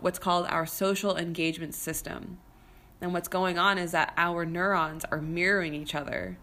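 A young woman telling a story in a casual monologue, animated and chatty, with many fillers and restarts. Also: fairly low pitch.

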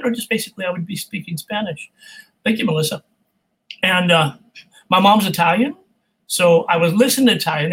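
A man from California, a voice actor, chatting as an interview guest in an animated, jokey way. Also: sits high, slightly rough, low-quality recording. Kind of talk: casual interview chat.

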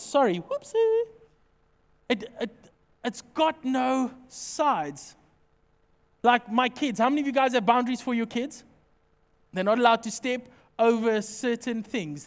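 A man preaching a sermon as pastor, animated and jokey, acting out small everyday scenes as he talks. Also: very high-pitched, big-room sound.

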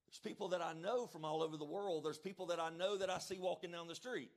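A male pastor preaching a sermon, emphatic, checking in with the congregation and shouting out now and then. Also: fairly high pitch, fairly even intonation, fast. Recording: long reverb of a church hall.

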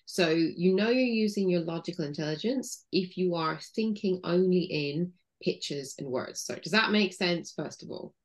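Low-voiced woman explaining patiently. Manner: patient and explaining, with many "you know" fillers; guides listeners through a slow body-awareness exercise. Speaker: guest, intuition coach. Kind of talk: explanatory interview talk.

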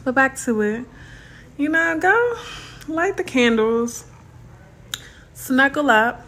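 A young adult woman hosting a casual solo podcast, chatty and animated, laughing often and calling her listeners baby and y'all. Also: sits high, takes it slowly. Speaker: podcast host.

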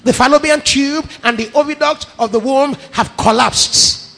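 A man's voice: extremely high pitch, moderate pace, gravelly, pushed and bright. A middle-aged man with a Nigerian accent preaching a sermon, emphatic, piling up repeated phrases. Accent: Nigerian English. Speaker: pastor. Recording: long echo of a large hall.

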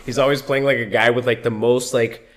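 A young man in casual chat, telling animated, profane stories and slipping into impressions. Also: medium pitch, a little fast.

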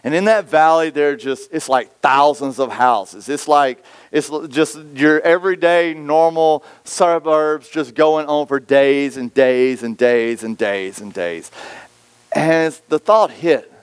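A man preaching a sermon, telling stories and acting out quoted voices with lively swings. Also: a little high, a little slow, smooth, dry recording. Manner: storytelling, animated, acts out quoted voices. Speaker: pastor.

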